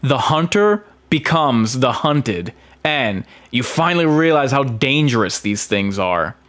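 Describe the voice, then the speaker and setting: A man's voice: mid-range voice, big pitch swings, unhurried, a bit bright. A man giving casual film commentary, emphatic, with frequent fillers and restarts. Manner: emphatic, with many ums and restarts.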